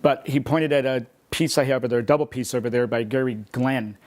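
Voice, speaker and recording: A man rattles off a collector's anecdote at a quick clip. His pitch sits in an ordinary middle range, and his story tumbles forward with restarts and asides. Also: a little mellow. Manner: rapid, rambling anecdotes with restarts. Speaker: memorabilia collector. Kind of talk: animated storytelling.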